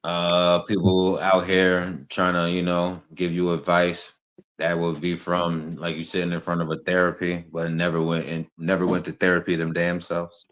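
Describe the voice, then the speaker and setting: A man's voice: low voice, monotone, moderate pace, fairly bright tone. A man hosting a podcast, running a loose, joking group conversation full of slang. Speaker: podcast host. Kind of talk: casual group chat.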